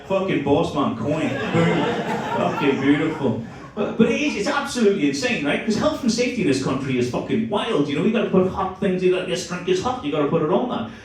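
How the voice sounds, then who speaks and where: Irish stand-up comic, fairly high voice, profane crowd-teaser, echoing club room with the mic at a distance. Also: male voice, sing-song. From Ireland. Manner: profane, teasing, fast storytelling. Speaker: stand-up comedian. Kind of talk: stand-up comedy with crowd work. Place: comedy club stage. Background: audience laughter.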